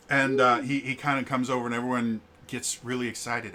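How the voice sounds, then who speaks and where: A man narrating as game master of a tabletop game, talking in a halting, stumbling way. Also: mid-range voice, level tone, pushed and bright, slight background noise.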